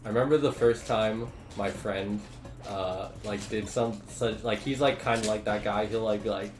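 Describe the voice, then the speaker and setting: A man's voice: on the low side, steady tone, moderate pace. A young man streaming a video game, rambling through stories in casual chat and swearing now and then. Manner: rambling storyteller, swears, laughs often. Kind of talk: casual chat while gaming. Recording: echoey room with game music.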